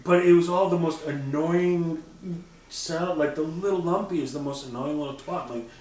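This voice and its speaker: A man chatting casually on a podcast, animated and profane, often mimicking voices as he talks. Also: fairly high pitch, moderate pace, far from the mic. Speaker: podcast co-host. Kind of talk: casual chat. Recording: roomy, off-mic sound.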